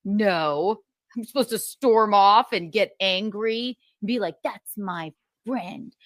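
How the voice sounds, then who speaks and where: A woman's voice: medium pitch, a little slow, no room sound, clean studio sound. A woman in a heated casual rant, rambling and profane, recounting a feud.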